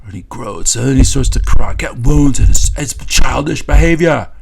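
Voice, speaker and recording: A man giving mocking satirical commentary in a scornful, stop-start way, with many fillers and pauses. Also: mid-range voice, animated, gravelly, a little mellow, slightly rough. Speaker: political commentator.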